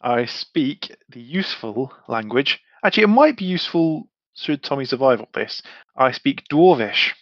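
A man's voice: medium pitch, sing-song, moderate pace, dry recording, muffled recording. A man playing a tabletop game, chatting casually and often stammering and repeating words. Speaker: player. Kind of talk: casual game play chat.

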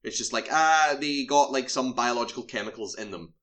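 A man casually retelling a horror film's plot in a relaxed chat. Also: mid-range voice, brisk. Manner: animated storytelling, swears casually. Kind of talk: casual film recap chat.

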